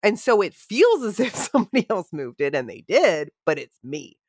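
A woman's voice: mid-range voice, very animated, normal speed, a little mellow, husky, no room sound, studio quality. A woman co-hosting a casual podcast, thinking aloud in a reflective way with frequent restarts, asides and laughter. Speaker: podcast co-host.

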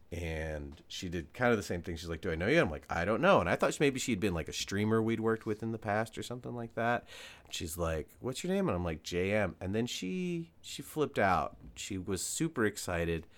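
A man co-hosting a podcast, telling stories in a casual, self-deprecating way with lots of laughter and restarts. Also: low voice. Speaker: podcast co-host. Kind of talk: casual chat.

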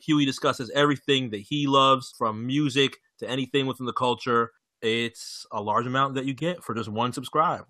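Bright-voiced young man on a podcast. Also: mid-range voice, normal speed, few pauses, no echo. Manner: laughs often, swears, animated. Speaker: podcast co-host. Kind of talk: casual podcast chat.

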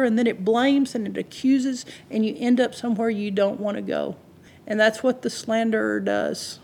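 A woman preaching a sermon, driving points home in lists and quick asides. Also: a little high, darkish tone.

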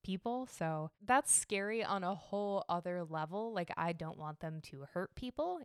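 A woman's voice: mid-range voice, expressive, moderate pace, hardly any pauses, clear, resonant tone, no room sound, studio quality. A young woman hosting an art and history podcast from her home, chatting casually, laughing at herself and swearing freely. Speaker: podcast host. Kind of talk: casual chat. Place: home decorated for holidays.

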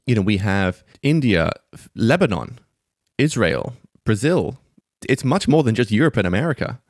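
A man's voice: medium pitch, big pitch swings, normal speed, no room sound, clean studio sound. A man hosting an interview, asking curious questions and steering the conversation. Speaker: interview host.

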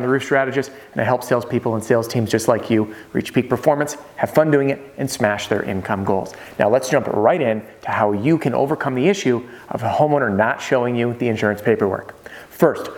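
A man coaching salespeople in an energetic, conversational way, often checking in with his listeners. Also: mid-range voice. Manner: energetic, conversational, peppered with "right?" check-ins. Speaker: roofing sales trainer. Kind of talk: motivational sales coaching monologue.

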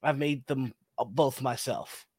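A man speaks in character during a tabletop game, stiffly polite and formal, with frequent hesitations. His voice has a middle pitch. The sound is dry and close. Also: steady tone, unhurried, a little mellow, breathy edge, no room sound. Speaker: player. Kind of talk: in-character tabletop role-play.

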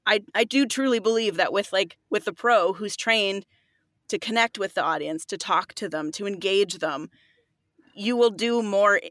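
A woman's voice: mid-range voice, moderate pace, fairly bright tone, no room sound, clean studio sound. A woman who works as a voiceover artist, talking earnestly in a casual interview and often saying "like". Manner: earnest, fillers like "like".

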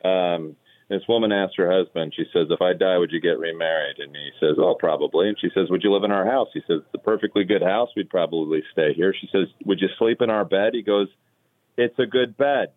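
A man's voice: sits low, fast, no room sound. A man telling golf jokes in a casual comedy podcast chat, a playful storyteller who teases the others. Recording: tinny dry phone-like sound.

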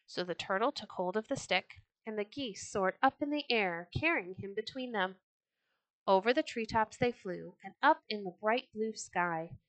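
A woman reading old children's stories aloud for a podcast, gentle and expressive. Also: medium pitch, normal speed, dry recording, low-quality recording. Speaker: storyteller. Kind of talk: storybook read-aloud podcast.

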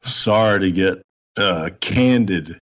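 A man's voice: sits low, slow, lo-fi sound. A man ranting in a heated, profane, mocking way during a podcast chat. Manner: foul-mouthed, heated, mocking.

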